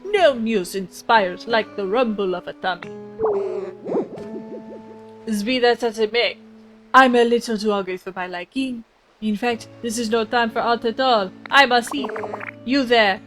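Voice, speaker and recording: Pompous hungry painter creature for a game playthrough, flowery and grand, wobbly fake french accent, woman voicing, higher voice, soft music behind. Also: poor audio.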